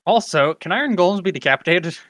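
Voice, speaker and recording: A man's voice: sits high, lively intonation, fast talker, fairly bright tone, dry recording. A man playing a tabletop game with blunt, joking banter. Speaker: player. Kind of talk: casual game chat.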